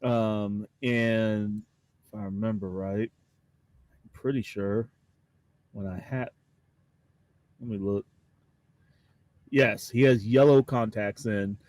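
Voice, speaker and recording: A man's voice: fairly low pitch, darkish tone, no room sound. A man at a tabletop game describing his character in a rambling way, full of fillers.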